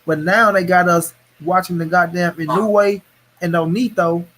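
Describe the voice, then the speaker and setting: A man's voice: sits high, fairly even intonation, normal speed, a bit bright. A man hosting a casual boxing live stream, ranting heatedly and cursing a lot. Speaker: host of a boxing talk stream.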